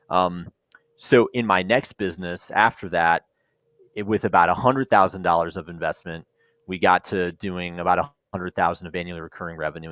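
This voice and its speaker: Lowish dry-voiced man telling a founder story. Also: dry recording. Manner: animated storyteller acting out dialogue, frequent ums. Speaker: startup founder, panel speaker. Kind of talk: conversational keynote storytelling.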